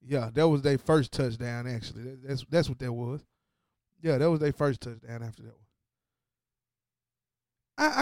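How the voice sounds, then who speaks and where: A man with a high, smooth voice rants about a game in a casual, profane, trash-talking style. He drops low and flat to read off stats, then jumps loud and excited, hammering the same phrase over and over. The sound is dry and close to the mic. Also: dry recording. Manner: swings between low stat-reading and loud excited outbursts. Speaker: sports podcast host. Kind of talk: animated casual sports rant.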